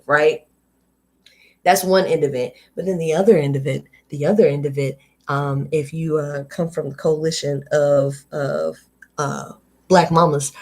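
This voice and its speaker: A woman hosting a live read-aloud stream, reading a book and talking candidly with viewers in a casual, chatty way. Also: low-pitched. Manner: candid and conversational, drifting into riffs and asides to viewers.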